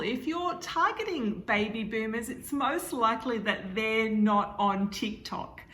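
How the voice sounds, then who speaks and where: A woman's voice: mid-range voice, fairly bright tone. A woman presenting a social media marketing training to a live event audience, explaining tips step by step. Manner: clear explanatory delivery. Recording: roomy echo.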